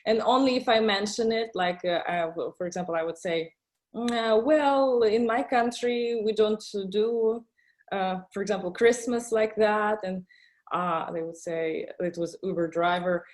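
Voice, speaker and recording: A woman's voice: medium pitch, a little mellow. Russian-accented woman hosting, hesitant. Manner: hesitant, with frequent fillers and quick laughs. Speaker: host. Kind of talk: casual interview chat.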